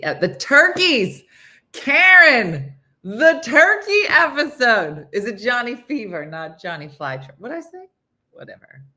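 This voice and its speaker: On a relaxed morning chat show, the female host meanders through her stories, laughs at them and loses track of what she was saying. Her voice is mid-range with a sharp tone.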